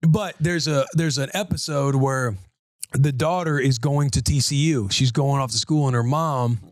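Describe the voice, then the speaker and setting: A man's voice: medium pitch, fairly even intonation, moderate pace, dry recording, clean studio sound. A man co-hosting a podcast, telling stories in a laid-back, joking way. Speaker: podcast co-host. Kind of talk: casual chat.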